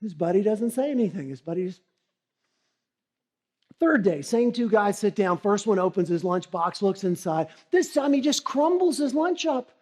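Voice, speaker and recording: A middle-aged man giving a humorous motivational keynote. He tells his stories in a lively way and acts out the characters as he goes. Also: sits high, moderate pace. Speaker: keynote speaker.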